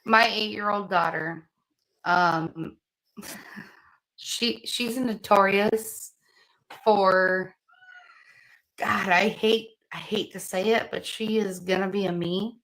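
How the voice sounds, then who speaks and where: A woman's voice: medium pitch, takes it slowly, pauses often, low-quality recording. A woman chatting casually on a radio panel, blunt and profane as she tells stories. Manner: blunt and profane, animated storytelling. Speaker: parent on a radio talk panel. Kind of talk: casual chat.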